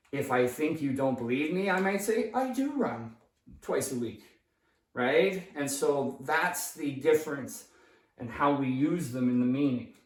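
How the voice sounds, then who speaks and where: A man teaching an English grammar lesson at a whiteboard, explaining patiently, often checking "right?" and "okay?" and correcting himself as he writes. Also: mid-range voice. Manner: restarts and self-corrections while writing. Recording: echoey room, voice from a distance.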